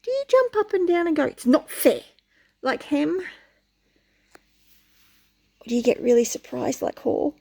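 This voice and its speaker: A woman reading a picture book aloud to young children, lively and questioning as she goes. Her voice sits fairly high but sounds mellow, with a gravelly texture. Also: moderate pace, pauses often. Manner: animated, asks the listener questions. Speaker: storyteller.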